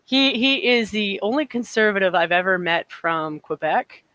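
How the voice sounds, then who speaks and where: A woman's voice: mid-range voice, expressive, moderate pace, fairly bright tone. A woman chatting casually in an online group chat, chatty and stumbling over her words.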